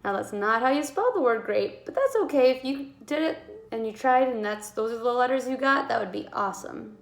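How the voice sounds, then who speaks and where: A woman teaching a kindergarten writing lesson, sounding out letters slowly and encouraging young children. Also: on the high side, expressive, roomy sound.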